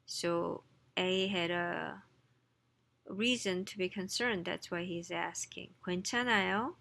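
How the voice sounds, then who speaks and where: A woman teaching a textbook lesson, reading lines quickly, then explaining them slowly and chattily with small slips and self-corrections. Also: lowish voice, steady tone, creaky, fairly bright tone. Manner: reads Korean lines fast, then explains slowly in English. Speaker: Korean language teacher.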